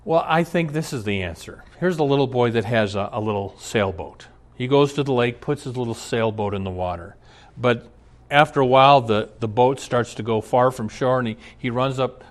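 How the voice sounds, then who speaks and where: Ein Pastor predigt eindringlich und erzählt lebhaft Geschichten. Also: male voice, medium pitch, normal speed. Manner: storytelling, emphatic, frequent laughs. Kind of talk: sermon.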